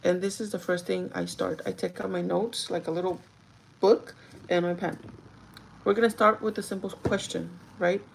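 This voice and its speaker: A woman talks casually to her live viewers while getting ready, speaking to them directly and laughing often. Her voice sits low with a gravelly, fry-heavy edge. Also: steady tone, normal speed, a little hiss or hum, poor audio. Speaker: livestreaming vlogger and store manager. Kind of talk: casual chat while doing makeup, reading live chat.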